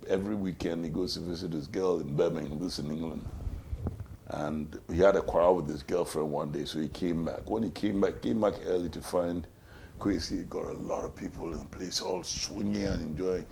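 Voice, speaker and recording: An older man hosting a radio talk show, telling jokes in a relaxed way and acting out the voices in his stories. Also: sits low, normal speed, creaky, slight background noise. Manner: relaxed joke-telling, acts out quoted voices. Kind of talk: casual storytelling chat.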